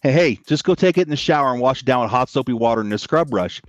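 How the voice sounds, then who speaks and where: A man's voice: medium pitch, fast talker. A man hosting a podcast, swapping army stories in casual chat and acting out what people said. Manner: animated storyteller acting out quotes. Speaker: podcast host.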